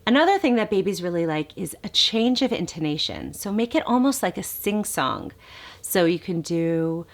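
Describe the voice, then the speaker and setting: A woman speech therapist giving calm, explanatory tips to parents, now and then modeling baby sounds in a sing-song. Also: mid-range voice, normal speed. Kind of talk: instructional talk to parents.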